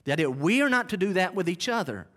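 A man's voice: sits high, very animated, fast talker, fairly bright tone. A man preaching a sermon as pastor, emphatic and repeating key phrases, with conversational asides to the congregation. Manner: conversational asides, self-deprecating. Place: church sanctuary.

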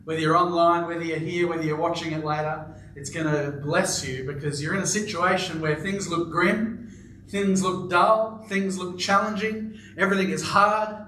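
Lively high-voiced preacher in echoey church. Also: male voice, normal speed, recorded from a distance, a little hiss or hum. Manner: animated storytelling with playful asides. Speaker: pastor. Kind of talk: sermon. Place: church auditorium with live congregation.

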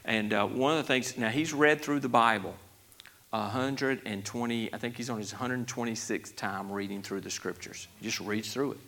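A man's voice: medium pitch, normal speed, fairly bright tone. A man preaching a conversational Bible study sermon, folksy, with many restarts, growing emphatic. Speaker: pastor.

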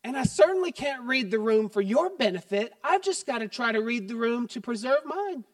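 Middle-aged guy preaching, pretty high voice, chatty and jokey then earnest, dry sound from a mic kinda far off. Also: lively intonation, fairly quick, dry recording. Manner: conversational and joking, then quiet and earnest. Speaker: pastor. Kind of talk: sermon.

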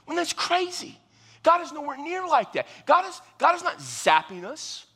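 High-voiced pastor preaching in echoing hall. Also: male voice, big pitch swings, normal speed, sharp tone. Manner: earnest, emphatic preaching with repeated phrases. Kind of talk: sermon. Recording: long reverb of a large hall.

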